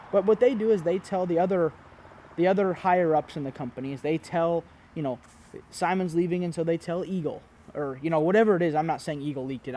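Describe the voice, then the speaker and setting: Guy with a slightly higher voice just chatting his take, rambly, lots of um and you know. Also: a little mellow, slight background noise. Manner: rambling, many fillers and restarts. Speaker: disc golf commentator and brand owner. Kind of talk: casual opinion monologue.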